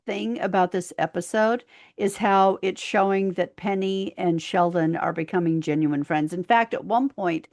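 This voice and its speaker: A woman's voice: fairly low pitch, moderate pace, a little mellow, dry recording, clean studio sound. A woman co-hosting a podcast, chiming in and giving her own take on a sitcom episode in casual chat. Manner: chimes in and finishes her co-host's lines, gives her own opinions. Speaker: podcast co-host.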